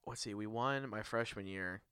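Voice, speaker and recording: A young man hosting a casual podcast chat, excitable and quick to laugh, often repeating himself as he tells stories. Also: on the low side, clean tone, no room sound, clean studio sound. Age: young adult. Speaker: podcast host.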